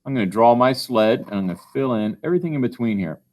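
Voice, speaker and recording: A man's voice: medium pitch, lively intonation, fast, a little mellow. A male teacher giving a phonics lesson, patiently asking questions and answering them himself. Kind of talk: recorded classroom phonics lesson.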